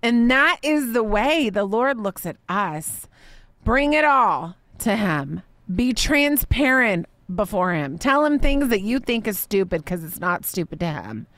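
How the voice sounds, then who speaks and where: A woman in her thirties speaks on her faith podcast in a heartfelt, meandering monologue. Her voice sits at a middle pitch and sounds dry and close, with no room around it. She circles back and leans on fillers as she gets emotional. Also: big pitch swings, measured pace, fairly bright tone, no echo. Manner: emotional, rambling storytelling with many fillers. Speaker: podcast host.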